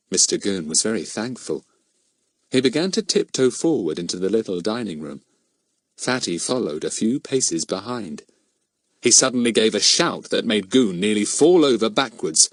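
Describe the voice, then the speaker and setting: A man reads a children's mystery audiobook aloud in an animated storytelling style. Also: lowish voice, normal speed, dry recording. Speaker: audiobook narrator. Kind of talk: scripted narration.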